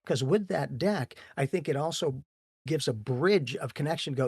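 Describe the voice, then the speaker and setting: Husky-voiced man musing philosophically. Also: a little high, expressive, normal speed, a little mellow, dry recording. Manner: philosophical, aphoristic. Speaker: podcast co-host. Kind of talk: casual conversation.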